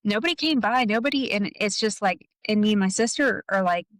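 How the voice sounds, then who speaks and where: A woman guest in an interview, telling a personal story in a halting way, full of "like" and "um". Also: medium pitch, expressive, dry recording, rough recording.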